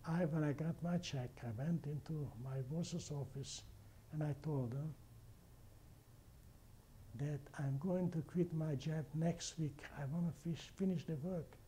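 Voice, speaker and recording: An older man with a heavy foreign accent, not a native English speaker, recalling his life in a halting way, with restarts and repeated words. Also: a little high, mellow, slight background noise. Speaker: interviewee. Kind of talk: oral history recollection.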